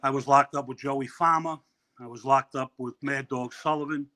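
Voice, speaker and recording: Man, ex-prisoner guest, blunt matter-of-fact talk, bright forceful voice. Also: medium pitch, steady tone, moderate pace. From New York. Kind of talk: casual live-stream chat.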